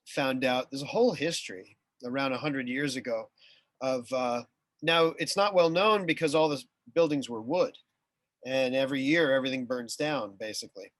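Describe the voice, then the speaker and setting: A man hosting an interview, speaking in a halting way with many restarts. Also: mid-range voice, fairly bright tone, no room sound. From USA. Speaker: interview host. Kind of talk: casual interview chat.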